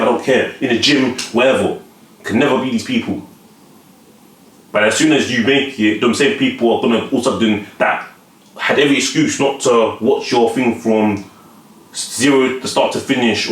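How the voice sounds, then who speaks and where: A man giving casual advice straight to camera, repeating and restarting words and often asking whether the listener follows him. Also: on the low side. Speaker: vlogger giving life advice. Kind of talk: casual motivational monologue to camera. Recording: echoey room.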